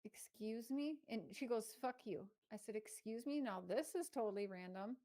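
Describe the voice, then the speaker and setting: A woman's voice: on the high side, lively intonation, moderate pace, dark tone, rough recording. A woman giving casual commentary, reading text messages aloud and talking indignantly with some swearing. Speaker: true crime commentator.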